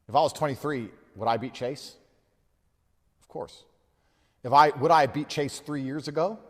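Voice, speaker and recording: A man's voice: medium pitch, long reverb tail. Blunt, profane man in his thirties. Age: 30s. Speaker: fighter reflecting on a loss. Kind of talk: candid monologue.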